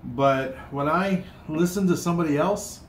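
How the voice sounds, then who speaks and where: Here the Southern-accented man has a fairly high voice and talks at normal speed as he cooks in a hotel room, vlogging in a loose, rambling way full of fillers and false starts. The mic is distant, so the sound is roomy with a faint hum.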